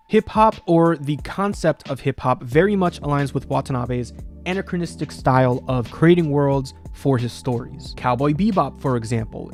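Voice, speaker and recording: Casual male host, loose and rambling, soft music bed behind. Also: mid-range voice. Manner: rambling, lots of "you know" fillers. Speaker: music video essay host. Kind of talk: casual talk about music.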